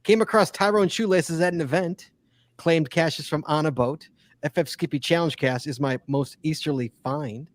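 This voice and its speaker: A man's voice: fairly high pitch, moderate pace, no echo. A man co-hosting a casual podcast, chatty and teasing as he reads listener emails aloud. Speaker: podcast co-host.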